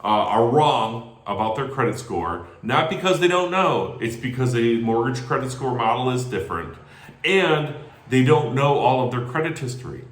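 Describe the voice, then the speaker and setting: An energetic man coaches a team on sales calls and often checks in with "right?". His pitch swings widely as he talks. The voice rings in an echoey room. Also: moderate pace. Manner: energetic, animated, tags lines with "right?". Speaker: sales call trainer. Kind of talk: training talk.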